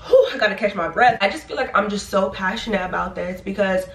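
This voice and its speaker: A young woman in her twenties giving animated, encouraging advice in a casual vlog. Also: mid-range voice, fast. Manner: animated, chatty, playful, encouraging. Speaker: nursing graduate vlogger. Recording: echoey room.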